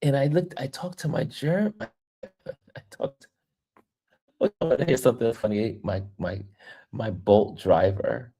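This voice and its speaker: A woman from New York hosting a travel livestream, telling stories in a casual, animated way and laughing often. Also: extremely low pitch, slow pace, pauses often, slightly rough. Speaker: travel vlogger and livestream host.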